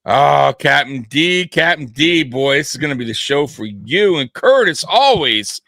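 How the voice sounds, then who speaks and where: A man hosting a casual sports talk show, excitable and quick to laugh. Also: on the high side, creaky, no room sound, studio quality. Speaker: podcast host.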